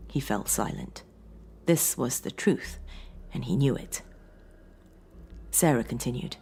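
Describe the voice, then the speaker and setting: A woman narrating a horror audiobook in an expressive, dramatic way. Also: a bass voice, slow, long pauses, slightly rough.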